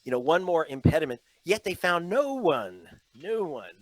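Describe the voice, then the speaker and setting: Male interview guest, journalist type, emphatic storyteller, voice on the high side. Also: very animated, moderate pace, no room sound, low-quality recording. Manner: emphatic, storytelling, mocking put-on quotes. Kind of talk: animated interview talk. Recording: played from an online interview.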